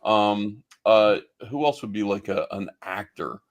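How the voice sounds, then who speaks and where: Panelist, man, lowish pitch, measured and explanatory, hesitant. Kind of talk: casual chat.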